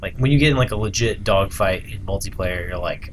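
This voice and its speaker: A man's voice: low voice, fairly quick, a little hiss or hum. A man chatting casually about video games, rambling with lots of "like" and swearing. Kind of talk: casual gaming chat.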